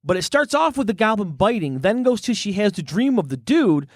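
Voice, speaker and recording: A man's voice: high voice, sing-song, a little fast, dry recording, studio quality. A man co-hosting a podcast who chats in a laid-back, hesitant, profane way. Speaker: podcast co-host. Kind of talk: casual podcast chat.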